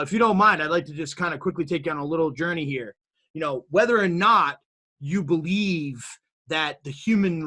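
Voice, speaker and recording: A guest entrepreneur with a slightly high voice tells his story in an interview. He sounds animated and motivational, pushing toward emphatic peaks while often repeating words and restarting.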